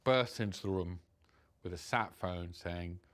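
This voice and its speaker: A man recounting his time as a hostage in a halting, subdued way, full of restarts. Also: a bit bright. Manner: halting, many restarts, subdued and low-key. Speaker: interviewee recounting being held hostage. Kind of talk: reflective personal storytelling.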